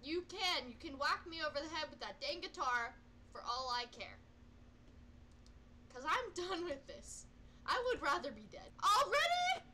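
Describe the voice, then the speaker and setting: A woman's voice: high-pitched, expressive, moderate pace, long pauses, noisy background. A woman gamer reacting live to a horror game, panicky and self-mocking, yelping and repeating no over and over and talking to the game's characters.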